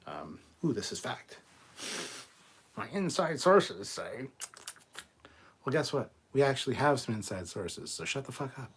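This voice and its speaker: A man's voice: medium pitch, slightly rough. A man hosting a casual live stream, reading viewer comments aloud and answering them with blunt, profane asides. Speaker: livestream host.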